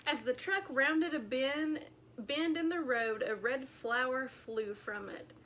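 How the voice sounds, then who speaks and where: A woman librarian reading a picture book aloud to children at storytime, with slow, expressive narration. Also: sits high, a little hiss or hum.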